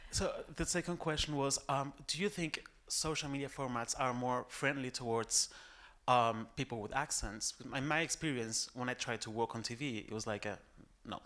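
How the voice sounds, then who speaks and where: A man's voice: mid-range voice, moderate pace, pushed and bright. A man from Spain, a native Spanish speaker with a Spanish accent, politely and hesitantly putting questions from the audience. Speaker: audience member asking questions.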